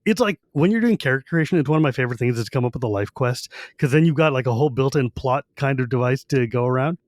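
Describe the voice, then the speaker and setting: A man co-hosting a casual podcast, loosely retelling scenes from a fantasy book and slipping into quick character quotes. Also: mid-range voice, lively intonation, darkish tone, dry recording. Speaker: podcast co-host.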